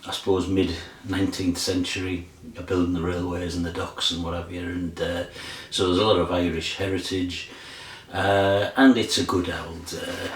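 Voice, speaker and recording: A man's voice: low-pitched, level tone, normal speed. An older man chatting casually about his record collection, rambling with lots of fillers and restarts. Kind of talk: casual chat. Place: room in front of a record collection. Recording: roomy sound from a distant mic.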